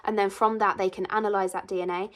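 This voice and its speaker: A woman's voice: medium pitch, flat delivery, quick pace. Chatty young woman vlogging. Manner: emotional, chatty, many fillers. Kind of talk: casual vlog storytelling.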